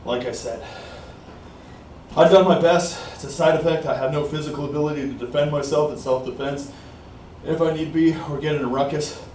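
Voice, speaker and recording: A Canadian vlogger, winded from exercising, rambles through a casual monologue, often saying "like I said" and filling pauses with "uh." His voice is a little high, fairly even in intonation and darkish. He's recorded from a distance in a small, warm room, giving a roomy echo, an off-mic sound and faint noise.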